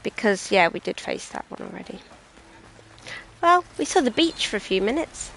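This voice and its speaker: A woman's voice: mid-range voice, big pitch swings, normal speed, gravelly, fairly bright tone, slight background noise, poor audio. A British woman chatting and rambling casually as she streams a video game, often poking fun at herself. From Britain. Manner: chatty, rambling and self-mocking. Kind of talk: casual gameplay commentary.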